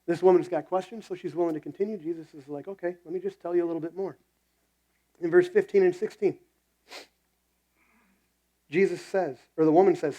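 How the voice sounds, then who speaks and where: Guy pastor preaching, chatty storytelling, slightly high mellow voice. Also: a little fast, low-quality recording. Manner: conversational, animated storytelling with quoted voices. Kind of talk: sermon.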